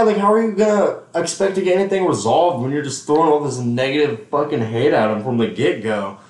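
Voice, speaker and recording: A man's voice: fairly high pitch, lively intonation, moderate pace, hardly any pauses. Man on a casual podcast, laughs and swears a lot, reads texts aloud, roomy echo. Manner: reads out text messages, laughs often, swears freely. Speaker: podcast co-host. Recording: echoey room.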